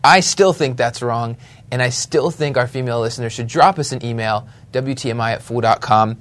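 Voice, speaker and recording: A man's voice: mid-range voice, a bit bright. Bantering male podcast co-host. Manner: quick banter with restarts. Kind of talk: casual chat.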